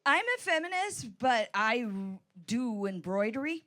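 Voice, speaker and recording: Woman, guest co-host at a live comedy show, excitable ranting storyteller, slightly high voice. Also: measured pace, a little hiss or hum. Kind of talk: live comedy podcast banter. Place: comedy venue stage before a live audience.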